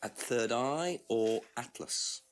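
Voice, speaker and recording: An actor playing a calm male police inspector in a detective video game, questioning a suspect in a measured and persistent way. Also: medium pitch, a little hiss or hum, lightly acted. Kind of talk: FMV game acting.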